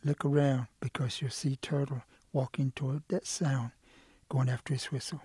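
A man telling a folk tale aloud in an unhurried, lively way. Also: mid-range voice, breathy edge, no room sound. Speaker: storyteller. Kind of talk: oral folk storytelling.

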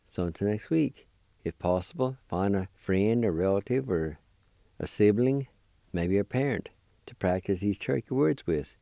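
A man's voice: lowish voice, animated, measured pace, gravelly, mellow, dry recording, clean studio sound. A man teaching a language lesson, patiently spelling and sounding out words syllable by syllable and encouraging his listeners.

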